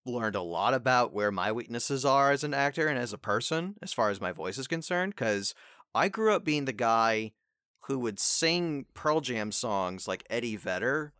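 A man talks shop about acting in a clear, resonant voice that swings lively up and down. He rambles loosely through his advice and sometimes breaks into short acted readings. The sound is dry and close, with no room around it. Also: medium pitch, moderate pace, dry recording. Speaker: voice actor. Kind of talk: casual chat.

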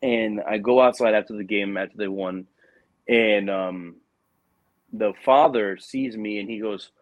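A man's voice: on the low side, unhurried, dry recording. Chatty man telling stories, lots of fillers. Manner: animated storyteller, many fillers like "like" and "you know". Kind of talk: casual chat.

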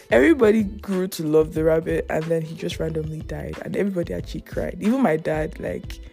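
A woman's voice: fairly low pitch, vocal fry, mellow. A young woman hosting her own podcast in casual solo chat, rambling and playful, often laughing. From Yoruba family background. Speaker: podcast host.

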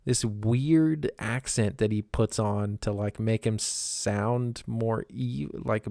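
Guy doing a solo wrestling pod, kinda low voice, dry close sound, rambles and swears a lot. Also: fairly even intonation, takes it slowly, creaky, mellow, dry recording. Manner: rambling, blunt, swears freely, many fillers. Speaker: wrestling podcast host. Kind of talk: casual solo recap.

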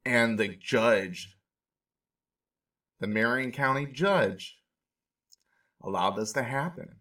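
A man's voice: mid-range voice, expressive, takes it slowly, pushed and bright, far from the mic. A man hosting a podcast, giving emotional, indignant, rambling casual commentary on a documentary. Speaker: podcast host reacting to a documentary.

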